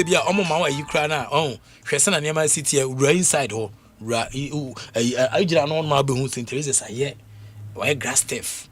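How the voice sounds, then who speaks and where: Animated Ghanaian man on sports radio. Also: on the high side, fast talker. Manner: animated, laughing often, many fillers and repeats. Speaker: radio sports show panelist. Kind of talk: casual radio sports talk mixing English and Twi.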